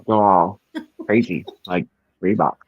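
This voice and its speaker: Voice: sits low, a little slow, dry recording. A co-host joking wryly in a casual livestream chat over a video call. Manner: wry, joking. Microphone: video call mic, muffled. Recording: muffled video call audio.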